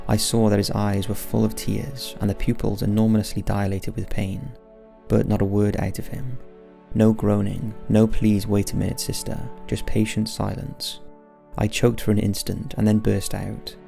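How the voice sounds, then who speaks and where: A man giving solemn scripted narration of wartime letters, slow and grave in manner, with soft music underneath. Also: lowish voice, creaky. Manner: slow, grave, measured delivery.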